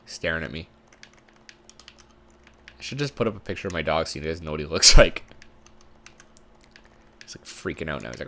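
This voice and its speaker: A man's voice: low voice, lively intonation, brisk, long pauses, sharp tone. A man giving casual commentary while playing a sports management game, thinking aloud in a chatty way. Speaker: gamer commentator.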